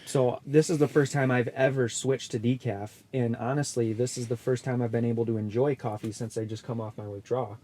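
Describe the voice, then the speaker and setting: A man's voice: medium pitch, steady tone, a little fast, few pauses, mellow, slight background noise. A young man co-hosting a podcast, rambling in laid-back casual chat from an ice fishing shelter. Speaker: podcast co-host.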